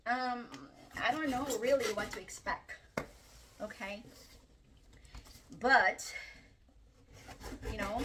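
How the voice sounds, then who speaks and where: A woman chatting casually through a book unboxing vlog, excitable and chatty with lots of fillers and little gasps. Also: high voice, recorded from a distance, background noise. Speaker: book vlogger.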